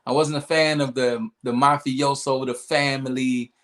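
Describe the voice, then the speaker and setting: A young man co-hosting a podcast, recapping wrestling in lively casual chat with playful asides. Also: mid-range voice, measured pace. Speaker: podcast co-host.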